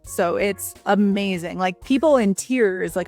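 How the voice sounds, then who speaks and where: A woman's voice: mid-range voice, a little slow, few pauses, darkish tone, soft background music. A woman in her forties, a guest in a casual interview, talking in a chatty, enthusiastic way with lots of fillers. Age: 40s. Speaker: guest, red light studio owner.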